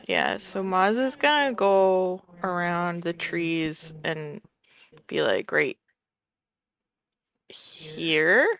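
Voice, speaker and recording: Gravelly, bright-edged player on a lo-fi mic. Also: mid-range voice, very animated, very slow, long pauses. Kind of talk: casual chat. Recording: dull lo-fi mic.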